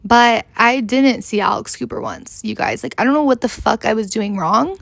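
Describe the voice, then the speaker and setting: A woman's voice: on the high side, normal speed, creaky, no room sound. A young woman vlogger telling a rambling story in casual chat, full of "like" and the odd swear.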